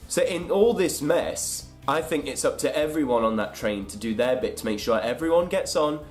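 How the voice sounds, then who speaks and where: Chatty British man with a comic vlog rant. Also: medium pitch. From United Kingdom. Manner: chatty, sarcastic, jumps into silly voices. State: unwell, congested. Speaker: comedy vlogger.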